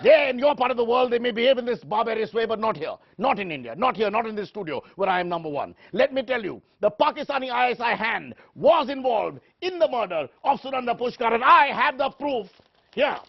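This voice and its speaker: A man playing a pompous, self-important anchor in a parody of a shouting TV debate show. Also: very high voice, expressive, quick pace, gravelly, few pauses, slightly rough, dull audio. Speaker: satirical news anchor.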